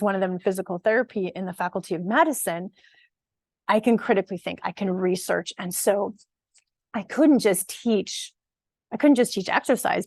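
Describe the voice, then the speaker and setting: A woman in her forties talks to camera as a fitness and nutrition coach, earnest and emphatic. She often restarts mid-sentence as she goes. Her voice sits at an everyday middle pitch and sounds close and dry, with no room echo. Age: 40s. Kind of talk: casual direct-to-camera monologue.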